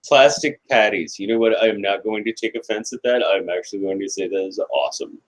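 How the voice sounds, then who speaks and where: A man's voice: fairly low pitch, quick pace, poor audio. Laughing American man in casual chat. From United States. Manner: laughs often, animated retelling with put-on quotes; blunt, swears freely. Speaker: podcast co-host.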